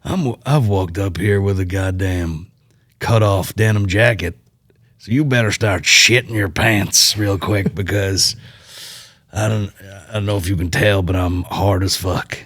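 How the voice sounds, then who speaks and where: A menacing tough-guy villain from an action film drawls each threat slowly and low, as a man puts him on. The sound is dry and close, with no room around it. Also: a bit bright, no echo.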